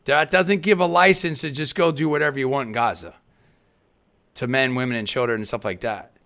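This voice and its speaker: A male talk radio host with a bright, forward voice, delivering a live monologue. He rambles through restarts and qualifiers, then drives his main points home with loud emphasis. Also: mid-range voice, fairly quick. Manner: rambling, with frequent restarts and hedges; emphatic, punching key phrases louder.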